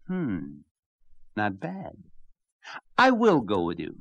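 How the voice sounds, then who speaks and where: A man's voice: on the low side, wildly swooping pitch, slow pace, no room sound, lo-fi sound, heavily acted. Man doing a weary, panting old hound. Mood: grudging. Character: old, weak hunting hound, weary and breathless.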